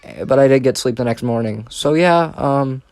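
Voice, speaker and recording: A man's voice: mid-range voice, normal speed, a little mellow, no echo. A young man telling a casual storytime monologue, rambling and profane, with frequent restarts. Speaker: storyteller vlogger.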